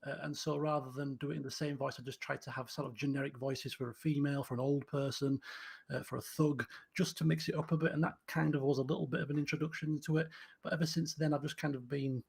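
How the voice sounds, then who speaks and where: Man, panelist, husky, gravelly, soft, hesitant. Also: medium pitch, flat delivery, quick pace. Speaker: panelist, roleplay voice actor. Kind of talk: panel discussion.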